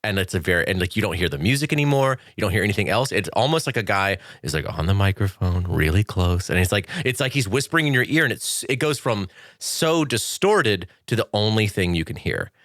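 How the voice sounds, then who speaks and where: A low-pitched man whose voice swings lively up and down as he holds forth in casual chat. He curses freely and laughs often, with a bright, forward tone. The recording is dry and close. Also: a little fast, no room sound. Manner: animated, profane, laughs often. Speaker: podcast guest. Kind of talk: casual film discussion.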